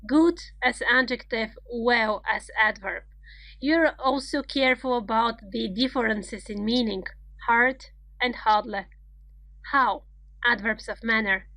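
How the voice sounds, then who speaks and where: Woman, grammar teacher, bright tone, dry close sound. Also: fairly high pitch, dry recording, rough recording. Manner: slow, deliberate explaining, reading example sentences. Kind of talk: online grammar lesson.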